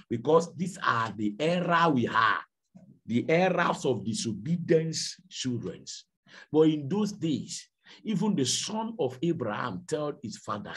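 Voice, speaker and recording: Husky-voiced preacher with animated delivery. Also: male voice, medium pitch, normal speed. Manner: dramatic storytelling preacher, swings from hushed to shouting. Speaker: pastor. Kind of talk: sermon.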